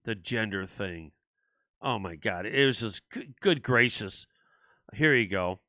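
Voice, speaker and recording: A man's voice: on the low side, expressive, a little slow, sharp tone, dry recording. An older man hosting a political livestream, rambling and indignant, with frequent restarts as he answers viewer comments. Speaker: livestream host.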